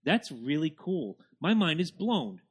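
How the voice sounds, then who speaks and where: Loud dude cohosting a podcast, kinda high voice, cusses a lot. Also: male voice, unhurried, husky. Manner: loud, excitable, swears freely. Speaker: podcast co-host. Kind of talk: casual chat.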